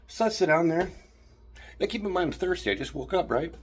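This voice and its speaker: A man telling an indignant, animated story in a ranting vlog, filmed on a handheld phone in a hotel room. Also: a little high, a little fast, husky. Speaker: vlogger.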